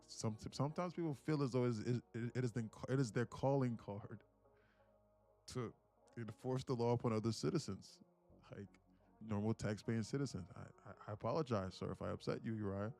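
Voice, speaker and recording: Male streamer, low and gravelly, casual and chatty, quick to laugh. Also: mellow, soft background music. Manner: chatty, laughs often, repeats words while thinking. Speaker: day-trading livestream host. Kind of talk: casual live-stream chat.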